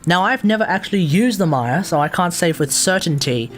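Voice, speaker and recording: A man's voice: high voice, lively intonation, fairly quick, soft background music. A man with an Australian accent giving rambling, chatty commentary while live-streaming a video game, often correcting himself.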